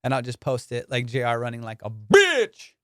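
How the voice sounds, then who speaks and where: A man hosting his comedy podcast in casual chat, telling profane, animated stories and laughing often. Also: medium pitch, moderate pace, clean tone, dry recording, studio quality.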